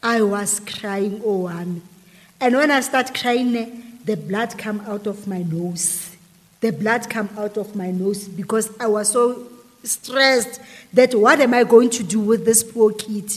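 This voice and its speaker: A woman's voice: medium pitch, unhurried, in a large hall. A woman emotionally retelling a painful personal story, repeating herself and quoting others. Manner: emotional, repetitive retelling full of quoted dialogue.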